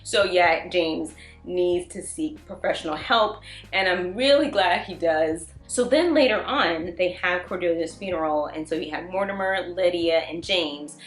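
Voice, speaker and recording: A woman casually recapping and reviewing TV episodes in an animated way, often acting out the characters' lines. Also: lowish voice, unhurried, roomy sound, soft background music. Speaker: TV review vlogger.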